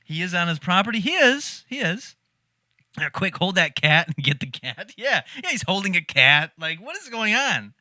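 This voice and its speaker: A man commenting on a clip in a loose, animated way, his voice high and bright with lively swings in pitch. He laughs often and swears freely. The sound is close and dry. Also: normal speed, dry recording. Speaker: reaction video host. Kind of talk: casual reaction commentary.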